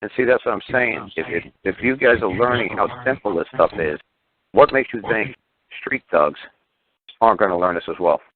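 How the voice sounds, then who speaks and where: Low-voiced man, blunt and profane. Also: no room sound. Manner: repetitive, stammering restarts. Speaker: radio talk show host. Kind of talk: talk radio monologue. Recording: tinny phone-line radio audio.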